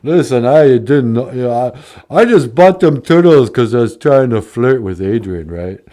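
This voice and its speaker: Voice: mid-range voice, lively intonation, normal speed, dark tone, close to an everyday voice. A performer doing a mumbling tough-guy impression of a washed-up male movie star, drawling. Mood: boastful.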